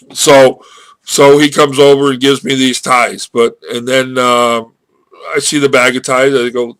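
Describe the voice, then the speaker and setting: Here the man's voice is medium in pitch, steady, a little bright, clear and resonant, with no room sound. He talks casually to his webcam microphone, rambling and halting with many restarts as he tells a story and draws a marketing lesson from it.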